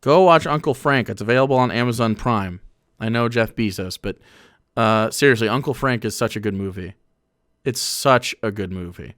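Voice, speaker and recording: Man streamer, casual reaction commentary, rambling, profane, smooth clear voice, dry sound. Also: lowish voice, moderate pace, fairly bright tone, no echo.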